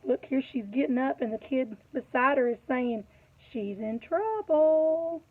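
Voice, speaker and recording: A woman reading a picture book aloud to children, animated, pausing to ask them questions. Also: high-pitched. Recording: tinny phone-like audio.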